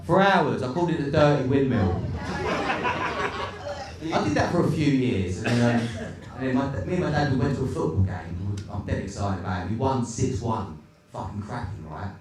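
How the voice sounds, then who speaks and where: A man's voice: mid-range voice, lively intonation, moderate pace, a little mellow, recorded from a distance, some chatter behind. A man doing a stand-up comedy set, crude, sardonic and rambling. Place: comedy club stage. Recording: echoey club, recorded from afar, noisy.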